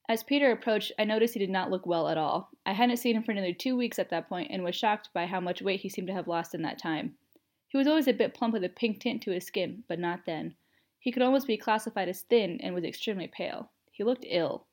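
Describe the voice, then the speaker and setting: A woman's voice: mid-range voice, brisk, darkish tone. Woman narrating a first-person story.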